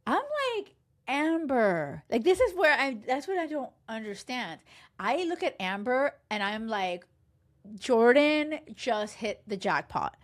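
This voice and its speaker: Give me a high-voiced woman coach ranting through a show recap, emphatic and lively. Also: measured pace. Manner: animated, emphatic, swears freely, acts out quotes. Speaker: love and dating coach, podcast host. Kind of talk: casual reality-show recap.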